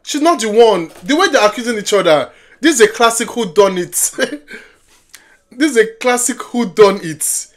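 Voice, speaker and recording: A woman's voice: on the high side, lively intonation, moderate pace. A woman reacting to a film she is watching for the first time, exclaiming and talking back to the characters in slangy asides. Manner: exclaims and yells at the characters on screen. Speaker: movie reaction host.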